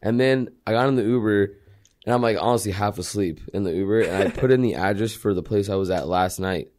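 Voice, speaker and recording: A man's voice: fairly low pitch, fast, darkish tone. A young man from California, a podcast guest telling a story in casual chat, laid-back and profane, laughing often. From California, USA.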